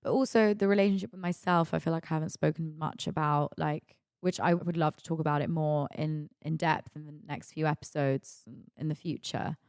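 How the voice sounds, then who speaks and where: A young woman in her twenties talks through her week on her own podcast. Her voice sits a little low, and her speech is rambling and confiding, full of "like". The sound is close and dry, with no room around it. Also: steady tone, fairly quick, few pauses, darkish tone, clear, resonant tone, no echo. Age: 20s. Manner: confiding, rambling, heavy use of "like". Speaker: podcast host. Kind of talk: candid solo podcast monologue.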